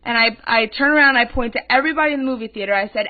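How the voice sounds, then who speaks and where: A woman's voice: fairly high pitch, very fast, few pauses. Brief: 21-year-old woman, podcast host, indignant rant, tinny phone-like sound. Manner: indignant, emphatic, animated. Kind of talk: casual ranting storytelling.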